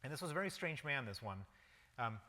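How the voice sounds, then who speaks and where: A man's voice: mid-range voice, animated, fast, pushed and bright. A man giving a public lecture, recounting a personal story vividly in the present tense. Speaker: guest lecturer. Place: lecture hall. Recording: long reverb of a lecture hall.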